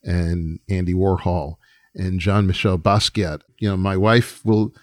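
A man, a guest in an interview, telling lively anecdotes with a laugh. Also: deep voice, unhurried, no room sound, studio quality. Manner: animated anecdotes, acts out quoted voices, laughs often. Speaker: guest, former record label president. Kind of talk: casual storytelling interview.

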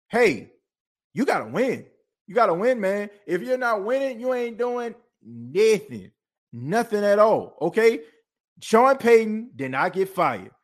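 A podcast host in a fired-up sports talk rant, animated and preachy, calling his listeners folks. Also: sits high.

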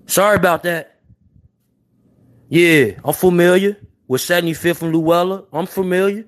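A man's voice: sits high, moderate pace. A young man from Chicago with a Chicago accent, chatting casually to viewers on a livestream in brash street slang and apologizing over and over. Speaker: livestream host.

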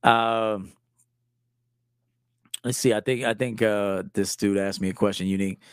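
A man's voice: on the low side, fairly even intonation, measured pace, clear, resonant tone, dry recording, clean studio sound. A man in his forties, a style coach hosting a live stream, talking casually in a loose, joking, profane way. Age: 40s.

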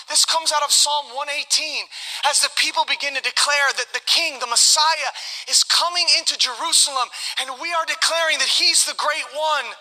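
A man's voice: very high-pitched, moderate pace, sharp tone. A man preaching a sermon as pastor, reading scripture with joking asides. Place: church sanctuary. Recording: long reverb of a large hall.

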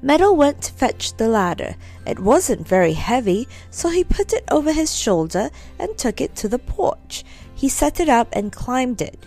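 A woman narrating a children's storybook with gentle, expressive reading. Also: high-pitched, moderate pace, faint music behind.

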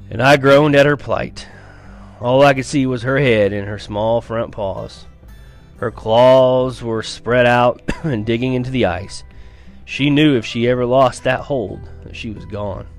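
A man reading a first-person novel aloud in an earnest storytelling manner, with small stumbles and restarts. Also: on the low side. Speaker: reader of a novel.

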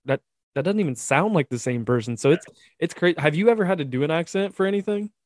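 A man's voice: on the high side, lively intonation, fast, a little mellow, no room sound, clean studio sound. A man hosting a casual chat, asking curious, conversational questions.

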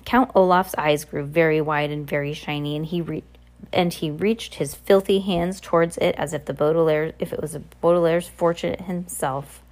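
A woman's voice: low voice, steady tone, normal speed, darkish tone. A woman reading a novel aloud in a casual manner, often stumbling and correcting herself. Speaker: reader.

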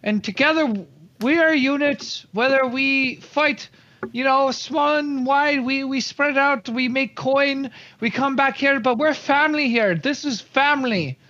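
Rowdy, high-voiced man giving toasts. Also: a little slow, pushed and bright, lo-fi sound. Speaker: player. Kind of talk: in-character tabletop speech.

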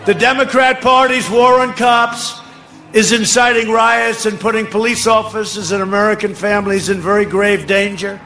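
Older man shouting a rally speech. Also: high-pitched, steady tone, moderate pace, faint music behind. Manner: boastful, rambling, ad-libbing to the crowd, often shouting. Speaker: political speaker at a rally. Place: outdoor rally with a cheering crowd. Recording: speech over a faint crowd and noisy ambience.

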